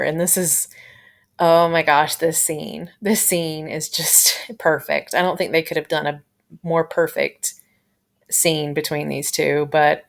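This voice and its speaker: A woman's voice: low-pitched, creaky. A woman reviewing a TV episode in a casual, gushing way, full of fillers and retold scenes. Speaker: TV show reviewer.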